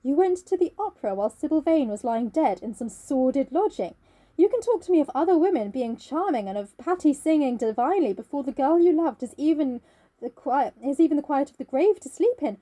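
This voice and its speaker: An earnest male painter reproaches his friend in a raised, emphatic voice, read aloud by a woman. The tone is mellow and dark. The lines carry the gravity of a classic novel read with feeling. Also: high-pitched, lively intonation, brisk, pitched above the performer's own voice. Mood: reproachful.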